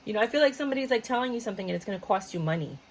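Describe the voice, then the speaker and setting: A woman's voice: on the high side, animated, very fast, a little hiss or hum, rough recording. A woman giving a casual tarot reading to her viewers, chatty and blunt, swearing freely and breaking into asides. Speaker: tarot reader.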